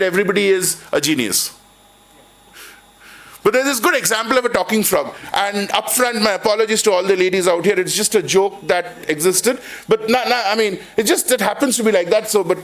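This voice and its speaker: A man with an Indian English accent lectures to a room, his voice pitched fairly high. He rambles through examples with many restarts and fillers. He slips into storytelling with dry jokes. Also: a bit bright. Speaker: finance professor. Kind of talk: university lecture with anecdotes. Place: lecture hall.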